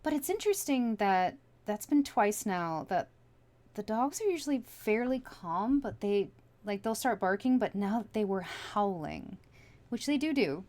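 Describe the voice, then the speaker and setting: A woman's voice: medium pitch, sing-song, a little slow, a little mellow. A woman giving a casual tarot reading from home, musing aloud as she turns over each card. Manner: chatty, musing aloud with many likes and you-knows. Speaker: tarot reader.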